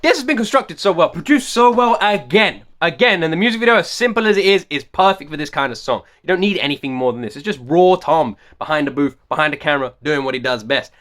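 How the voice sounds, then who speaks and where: Fast, bright-voiced man reacting. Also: on the high side, expressive. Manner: emphatic, repeats rhetorical questions. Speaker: reaction video host. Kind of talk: excited music reaction commentary.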